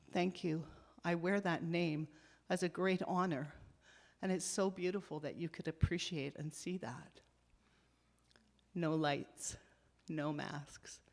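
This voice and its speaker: A middle-aged woman with a slightly low voice tells her faith story to a congregation. She speaks slowly and from the heart, and her quieter lines sink softly. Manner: slow, heartfelt storytelling with soft dips. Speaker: speaker sharing testimony. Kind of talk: spoken testimony to a congregation.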